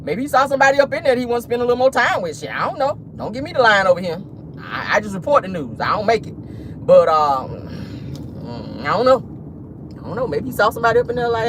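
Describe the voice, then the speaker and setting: Gossip host: sassy, animated, and laughing from the car, with a lively swinging pitch. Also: fast talker, background noise. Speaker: vlogger and gossip show host. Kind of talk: celebrity gossip commentary.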